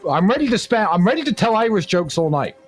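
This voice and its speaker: A man hosts a casual livestream, with a joking, teasing manner. His voice sits a little high and swings widely in pitch, with a husky grain. Faint music plays underneath. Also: big pitch swings, fast. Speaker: livestream host. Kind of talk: casual banter.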